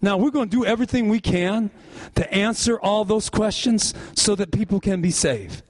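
A male pastor preaching a sermon, leading the congregation in call-and-response. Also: moderate pace. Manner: call-and-response preaching, rising and falling in pitch.

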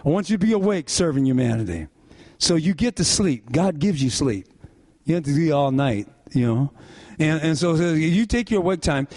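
A male pastor preaching a sermon, leading the congregation in call-and-response. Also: darkish tone. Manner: call-and-response preaching, rising and falling in pitch.

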